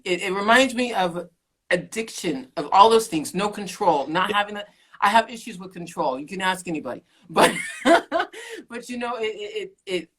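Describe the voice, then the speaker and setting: Middle-aged woman guest, lowish voice, animated, laughs a lot, acts out what people said. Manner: animated storyteller, laughs often, acts out quotes. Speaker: podcast guest, keto coach. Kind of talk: casual interview chat.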